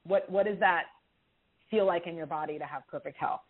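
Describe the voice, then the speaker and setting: A woman giving intuitive readings to callers on a call-in show, expressive and reassuring, with feeling in her voice. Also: lowish voice, brisk, slightly rough. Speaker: intuitive reader answering callers. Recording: tinny phone-line sound.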